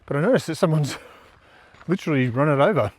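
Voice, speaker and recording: A man's voice: fairly high pitch, lively intonation, brisk. An Australian man vlogging casually on a riverside trail, chatting in an easygoing, rambling way with lots of fillers while he walks. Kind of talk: casual outdoor vlog chat.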